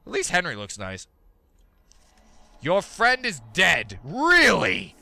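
High, lively, jumpy young gamer guy. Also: slow, creaky, pauses often, dry recording. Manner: jumpy, excitable, goofy banter with a pet. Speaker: gaming video host. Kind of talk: let's play commentary.

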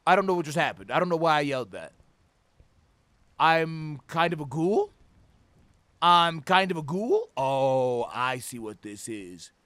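A man hosting a let's play of a horror game, reacting loudly with a lot of swearing and sudden shouts. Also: sits high. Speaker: gaming channel host.

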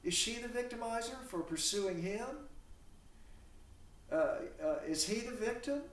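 A male literature instructor lectures in a lively, swooping voice with a slightly raised pitch, throwing rhetorical questions at his class. He is picked up from across the classroom, so his voice sounds distant and roomy. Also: measured pace. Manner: animated, asks rhetorical questions. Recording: echoey classroom from far off.

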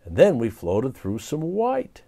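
A man reading a children's storybook aloud in an animated, expressive way. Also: mid-range voice, a little slow, gravelly. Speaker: storybook reader.

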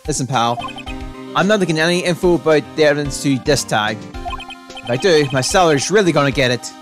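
A woman doing a gruff, dim-witted male cop. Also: lively intonation, quick pace, soft background music. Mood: sheepish. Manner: gruff, lowered voice. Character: dim, good-natured male police detective.

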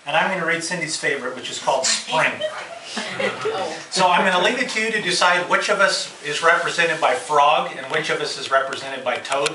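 A man hosting a party at home, giving a warm, chuckling informal speech and reading aloud. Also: on the high side. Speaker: party host. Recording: echoey room, far mic, loud party noise.

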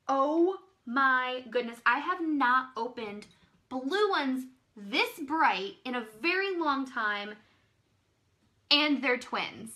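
Gushing, excitable woman host. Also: high-pitched, very slow. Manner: gushing, excitable, exclaims often. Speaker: live-stream pearl seller. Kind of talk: live online sales demo.

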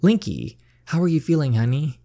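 A man's voice: on the high side, sing-song, normal speed, creaky, dark tone, voice pushed up. A man reading a fussing, emotional mother. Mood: caring. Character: caring middle-aged mother, fussing and emotional.

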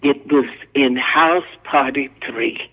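A woman's voice: rumbling low, slow, breathy edge, phone-quality sound. An older woman, a guest actress and singer, telling stories from her career in a folksy, country-spoken way. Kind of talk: casual storytelling interview.

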